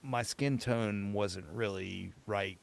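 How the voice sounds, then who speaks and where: A man's voice: on the low side, slow, gravelly. A man with a light Southern accent, an actor chatting casually and telling rambling stories on a livestream. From Southern US, Tennessee. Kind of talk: casual chat.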